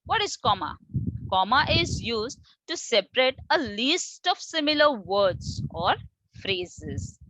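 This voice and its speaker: Indian English woman, teacher, slow patient explanations to children, bright voice, fairly high pitch. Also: big pitch swings, no room sound, rough recording. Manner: explains slowly, repeats words, addresses children. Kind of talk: online grammar lesson.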